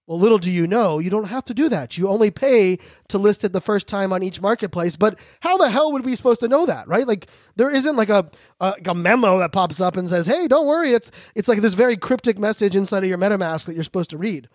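A man hosting a podcast, talking fast and joking in a high-energy casual monologue. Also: expressive, no echo, studio quality. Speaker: podcast host.

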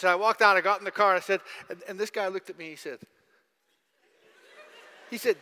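Casting: bright, sharp-voiced male pastor, storytelling sermon, echoey church hall. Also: high-pitched, expressive, fast, long pauses. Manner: storytelling, asks audience questions.

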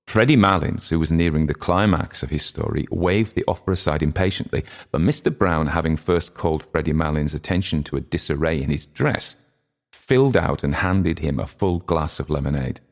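A man reading literary fiction aloud as an audiobook narrator, in a measured, even manner. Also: rumbling low.

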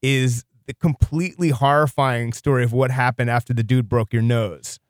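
A man's voice: medium pitch, fairly even intonation, moderate pace, no room sound, clean studio sound. A male interviewer in a casual chat, encouraging and prompting his guest, often laughing along.

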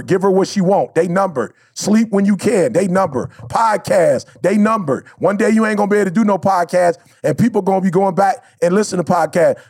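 A man's voice: sits high, creaky, darkish tone, no echo, clean studio sound. A man co-hosting a podcast, talking in a casual, heartfelt way. He is emphatic and slangy and repeats his points. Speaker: podcast co-host.

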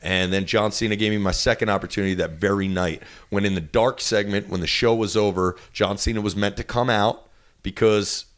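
Man, 30s, new jersey accent, low voice, animated storyteller, jumps into voices of others. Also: a little fast. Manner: animated, acts out quotes with big pitch jumps. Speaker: interview guest. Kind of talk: storytelling in an interview.

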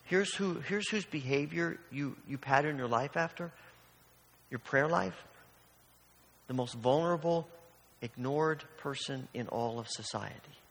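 Brief: male pastor, slightly high voice, conversational sermon, acts out little scenes, long hall reverb. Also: unhurried. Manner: storytelling with acted-out voices, conversational.

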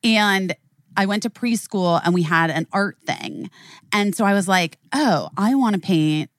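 A woman's voice: mid-range voice, unhurried, no echo, clean studio sound. A woman from Chicago hosting a casual podcast chat, telling stories animatedly with lots of "like" fillers and the odd swear. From Chicago, USA. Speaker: podcast host.

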